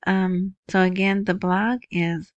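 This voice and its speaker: A woman's voice: mid-range voice, fairly even intonation, slow pace, dry recording, dull audio. A woman hosting a casual news commentary, chatty, who often asks "right?". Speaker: video host.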